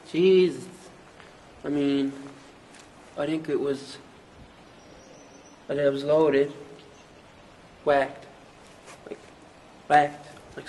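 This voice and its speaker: Guy doing a foul-mouthed newfoundland rapper, rambling and profane, kinda high voice. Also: slight background noise, natural voice, low-quality recording. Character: crude boastful young male rapper. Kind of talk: mockumentary interview.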